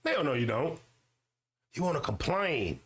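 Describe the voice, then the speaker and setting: A man hosting his own show, ranting and swearing in slang, repeating himself and mocking others in high-pitched voices. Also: very animated, unhurried. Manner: loud swearing rant with slang and repetition. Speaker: YouTube show host. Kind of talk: ranting commentary monologue.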